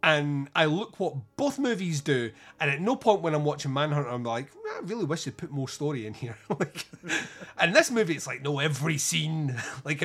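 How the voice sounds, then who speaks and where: A man's voice: on the high side, fairly bright tone. A man co-hosting a podcast, chatting casually about films, rambling and swearing with many restarts. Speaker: podcast co-host. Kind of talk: casual film review chat.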